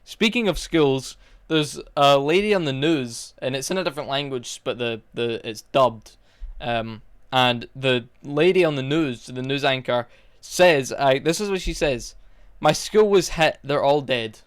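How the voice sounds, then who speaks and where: A man's voice: medium pitch, measured pace, clear, resonant tone. A young man casually reviewing a movie, exasperated and mocking, rambling with fillers.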